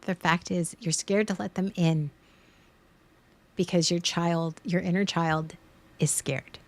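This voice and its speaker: A woman's voice: on the low side, fairly even intonation, a little slow. A woman in her thirties, streaming and talking earnestly and openly, a parent speaking in a vulnerable way about fear. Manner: earnest, vulnerable, tearful at times. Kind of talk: emotional casual chat.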